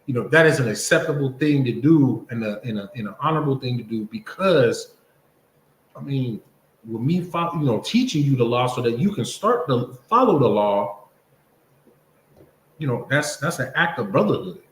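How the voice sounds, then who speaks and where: A man's voice: mid-range voice, expressive, normal speed. A man teaching a Bible class in a casual preaching style, often checking in with his listeners by asking if they understand. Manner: conversational preaching, keeps asking "you understand?". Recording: roomy echo.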